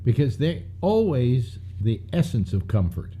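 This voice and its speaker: A man hosting a live talk show, rambling and halting in casual chat, on dull lo-fi audio. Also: mid-range voice, big pitch swings, mellow, husky. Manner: rambling, halting, laughs easily.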